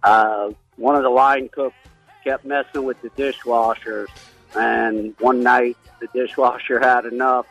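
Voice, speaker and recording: A man's voice: mid-range voice, little pitch movement, unhurried, a bit bright, soft background music. A male caller telling a short restaurant story to a radio host, plain and matter-of-fact. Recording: dull phone line.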